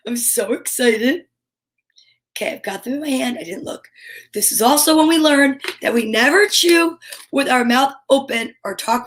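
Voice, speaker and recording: A woman's voice: high-pitched, a bit bright. A woman hosting a cheerful live-stream chat for her viewers, bubbly and exclamatory, with gasps and whispers. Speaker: storytime host.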